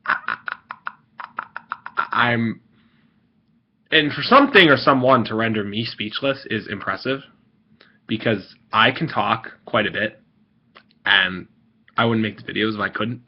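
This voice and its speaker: A video host with a lowish voice vents to his audience in a casual rant, measured in pace and broken by long pauses. He sounds irritated and rambles, filling gaps and restarting his sentences, all on a dull lo-fi recording.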